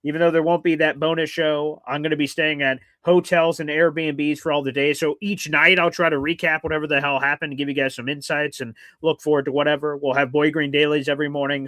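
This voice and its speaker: A man hosting a casual sports talk show, swearing and getting loud and worked up. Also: a little high, no echo. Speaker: podcast host.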